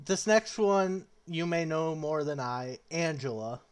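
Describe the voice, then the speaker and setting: A man's voice: a little high, animated, unhurried, smooth. A young man co-hosting a casual chat, joking, with stammering restarts as he introduces each topic. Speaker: podcast co-host.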